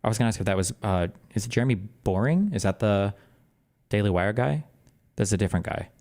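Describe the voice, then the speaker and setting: Animated man streaming at a close mic. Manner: fast, animated, explanatory talk that jumps up in pitch when exasperated. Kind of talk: casual stream commentary. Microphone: close desk microphone.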